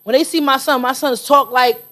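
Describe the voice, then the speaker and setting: A woman's voice: high voice, fairly even intonation, moderate pace, a bit bright. A woman in her late thirties talking bluntly and emphatically, swearing freely in a casual podcast chat. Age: 30s.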